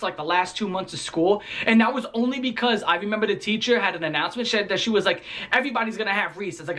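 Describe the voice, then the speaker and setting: A man in his twenties who tells a story in a casual, animated and profane way, full of slang, as a vlogger. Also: high voice. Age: 20s.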